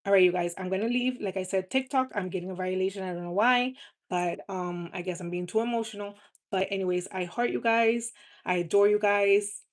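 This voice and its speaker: A woman's voice: medium pitch, fairly quick. A woman talking earnestly and from the heart on a casual live stream, often repeating words for emphasis. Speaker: live streamer selling cosmetics.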